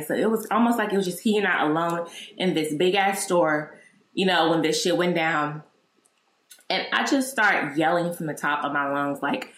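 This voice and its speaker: A woman hosting her own podcast, telling a personal story in a candid, animated and profane way. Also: fairly low pitch, roomy sound. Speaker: podcast host.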